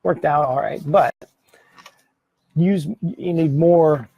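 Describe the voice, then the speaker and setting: A man's voice: a little high, slow pace, warm tone, breathy edge, no echo. A middle-aged man giving practical tips on presentations to a camera, in a casual, conversational way, often correcting himself mid-sentence. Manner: conversational, self-correcting, occasional laughs. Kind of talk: casual instructional talk to camera. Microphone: camera mic, speaking to camera.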